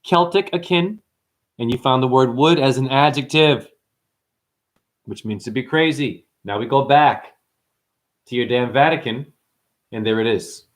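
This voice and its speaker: A man's voice: medium pitch, moderate pace. A man hosting a numerology livestream, ranting intensely at his viewers, swearing and preaching as he addresses them directly. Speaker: numerology teacher and livestream host. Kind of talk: profane livestream rant.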